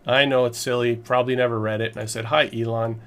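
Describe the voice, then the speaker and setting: A man's voice: mid-range voice, flat delivery, quick pace, fairly bright tone. A man vlogging, recounting a frustrating purchase in a rambling, emphatic, exasperated way. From Canada. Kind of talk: casual storytelling to camera.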